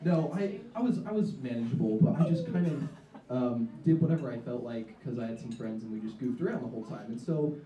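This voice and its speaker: A young man performing stand-up, rambling and self-mocking, his talk full of ums and restarts. His voice is very dark and mellow, at a middle pitch. It is recorded from a distance in an echoey diner, with faint noise behind him. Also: lively intonation, brisk. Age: young adult. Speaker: stand-up comedian. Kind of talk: live stand-up set. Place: diner in front of an audience. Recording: echoey room, mic from afar, faint noise.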